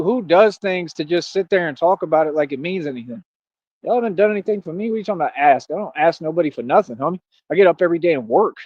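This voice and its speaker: Over dull lo-fi stream audio, a man with a fairly high voice and no echo rants in casual street slang. He's boastful and confrontational, calling out critics and peppering his speech with "like" and "bro."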